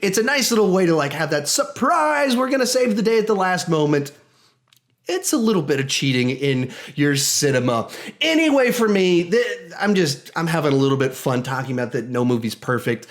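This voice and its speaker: A man giving a casual spoken movie review, enthusiastic and animated, often restarting his sentences and acting out quotes. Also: a little high, brisk.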